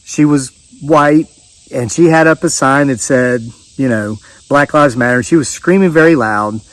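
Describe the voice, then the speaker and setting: A man's voice: fairly high pitch, measured pace, no room sound, low-quality recording. An older man telling a story to camera outdoors, in a rambling, folksy way with many fillers and restarts, sweating in the heat. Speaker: vlogger. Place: outdoors on a rural homestead.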